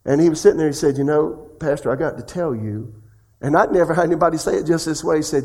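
A man's voice: on the high side, quick pace, husky. Man preaching a sermon. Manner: swings between loud questions and hushed confessions; asks the congregation direct questions. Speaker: pastor.

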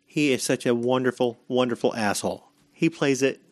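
A young adult man co-hosting a podcast, telling stories in a loose, profane, animated way. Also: medium pitch, moderate pace. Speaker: podcast co-host. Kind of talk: casual chat.

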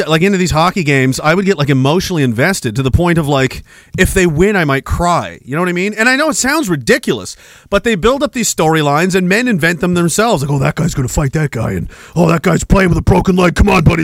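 A man's voice: high-pitched, a bit bright, no echo, studio quality. A man hosting a podcast, delivering a heated, profane monologue with mocking sarcasm. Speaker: podcast host.

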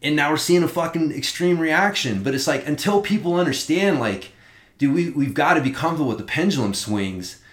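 A man's voice: a little high, animated, fairly quick. Profane, rambling man in a roomy space. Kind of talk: casual chat. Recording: roomy echo.

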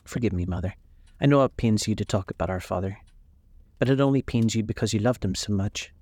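A man's voice: fairly low pitch, fairly quick, dark tone, no echo, natural voice. A man voicing a dreamy, adoring young woman who speaks eagerly and pleads. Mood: pleading.

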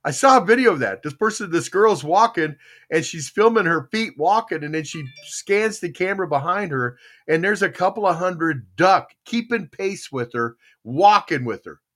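This is a high-pitched older man from the United States who hosts a podcast and talks at normal speed. His storytelling wanders casually, and he performs the dialogue with lively energy.

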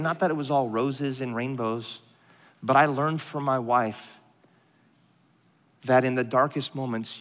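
A middle-aged pastor preaching a sermon in a large church hall, an animated, joking storyteller who drops to a hushed tone for serious moments. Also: male voice, mid-range voice. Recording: long hall reverb.

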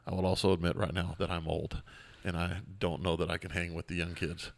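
A man's voice: low-pitched, flat delivery, brisk, gravelly. A man hosting a podcast, talking in an easygoing, joking and rambling way. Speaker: podcast host. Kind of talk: casual chat.

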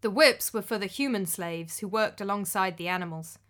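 Bright-voiced woman narrating a story. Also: mid-range voice, moderate pace.

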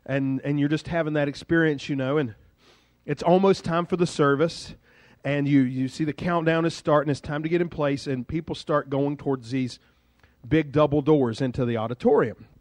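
A male pastor preaching a sermon in a lively, conversational storytelling way. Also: on the high side, normal speed, dry recording.

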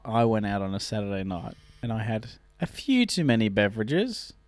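A man with a mid-pitched voice that rises and falls a lot trades dry, teasing jokes in casual banter. The recording is close and dry. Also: sing-song, brisk, no echo. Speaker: comedian and co-host. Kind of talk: casual podcast chat.

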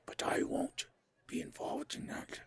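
A man voicing a wary, secretive hooded stranger in whispered role-play, hushed and guarded. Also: a little slow, lightly acted. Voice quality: whispery and raspy. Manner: guarded and hushed, keeps his distance.

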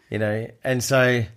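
A middle-aged man, co-hosting a casual chat and telling an animated story with frequent laughs. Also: mid-range voice, clean tone. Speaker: podcast co-host.

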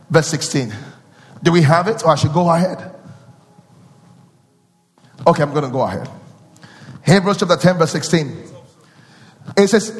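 High-voiced preacher in an echoing hall. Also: male voice. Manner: call-and-response preaching, swinging from loud chanting to low intimate asides. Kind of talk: sermon. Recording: long hall reverb with faint music.

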